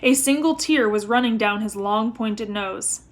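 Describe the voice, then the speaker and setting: A woman's voice: on the high side, measured pace. Woman reading a novel aloud. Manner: expressive storytelling. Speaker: reader.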